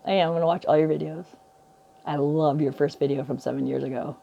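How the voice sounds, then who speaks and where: A woman's voice: low-pitched, fairly even intonation, a little fast, gravelly, mellow, highs cut off. Rambling musing woman in her forties. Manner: meandering, laughs often, trails off mid-thought. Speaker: vlogger. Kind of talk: rambling spiritual musing to camera. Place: indoors at home by a window.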